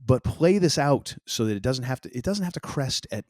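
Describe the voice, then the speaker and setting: A man's voice: mid-range voice, lively intonation, a little fast, darkish tone, no room sound, studio quality. A man co-hosting a podcast, chatting casually about wrestling, rambling with lots of restarts and laughs. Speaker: podcast co-host.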